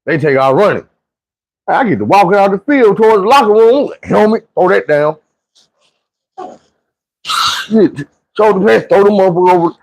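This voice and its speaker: A man tells a story from his own life in a loose, conversational monologue full of slang and swearing. His voice sits a little higher than most men's. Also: expressive, unhurried, long pauses, no echo.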